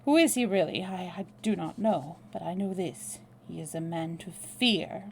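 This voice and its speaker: A woman reading aloud, voicing a cowardly, scheming Russian man who turns shrill when threatened. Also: moderate pace, gravelly, a little hiss or hum. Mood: fearful. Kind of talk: read-aloud novel dialogue.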